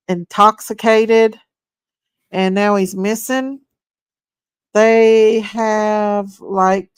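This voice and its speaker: Slow-talking, gushing woman. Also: mid-range voice, clear, resonant tone, no room sound, studio quality. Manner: chatty, greets viewers by name, gushes with excitement. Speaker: livestream host. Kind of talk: casual live chat reading viewer comments.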